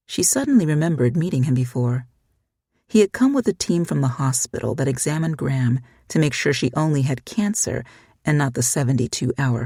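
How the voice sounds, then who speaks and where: Husky audiobook narrator. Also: medium pitch, warm tone, dry recording, studio quality. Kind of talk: scripted narration.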